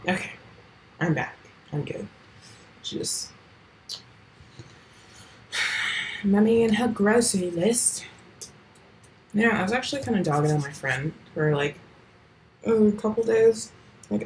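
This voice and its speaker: A woman's voice: medium pitch, slow pace, long pauses, a little hiss or hum, poor audio. A teenage girl talking casually on her own podcast at home, rambling with lots of fillers and casual swearing. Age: late teens. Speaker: podcast host. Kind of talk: casual solo podcast chat.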